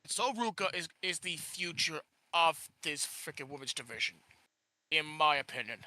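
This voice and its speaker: A man co-hosting a podcast, chatting casually about wrestling, halting and leaning on "like" and repeated words. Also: on the high side, animated, sharp tone, no echo, rough recording. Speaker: podcast co-host. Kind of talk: casual wrestling recap chat.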